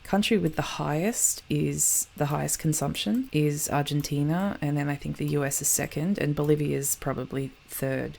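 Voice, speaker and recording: Low, gravelly woman narrating geography. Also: a little mellow. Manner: chatty, rambling, corrects herself often. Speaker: host of a geography show. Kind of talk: casual narration over map footage.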